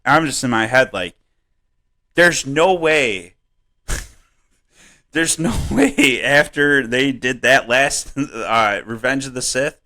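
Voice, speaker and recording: A man co-hosting a comedy podcast, rambling and swearing in casual chat, laughing often and jumping up in pitch when worked up. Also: slow pace, pauses often. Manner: animated, voice jumps up when worked up. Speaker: podcast co-host.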